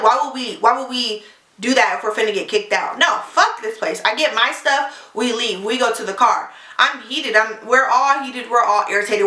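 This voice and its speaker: A young woman telling a storytime on her vlog, animated and profane, acting out the quotes of the people in the story. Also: fairly high pitch, reverberant. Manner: animated, profane, fired-up retelling with acted quotes. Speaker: beauty vlogger.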